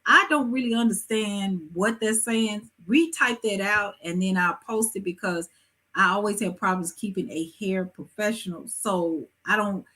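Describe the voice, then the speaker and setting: A woman hosting a live talk show, giving hair-care advice in a lively, preachy way with emphatic asides. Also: mid-range voice, moderate pace. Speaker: host.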